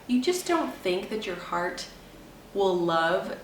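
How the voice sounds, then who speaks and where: A young woman talks to her camera in a rambling, emotional way that often breaks into laughter. Her voice sits at a middle pitch and comes from a little away from the mic. The room gives it an echo, with a faint hum underneath. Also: very animated, slow pace, recorded from a distance. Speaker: vlogger. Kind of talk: casual chat.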